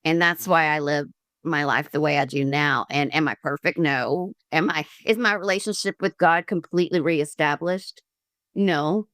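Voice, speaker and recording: A woman from Georgia telling her story as a podcast guest, earnest and halting with many restarts. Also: low voice, fairly bright tone, no room sound, studio quality. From Columbus, Georgia, US. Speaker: podcast guest, liver transplant recipient. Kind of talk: candid conversational storytelling.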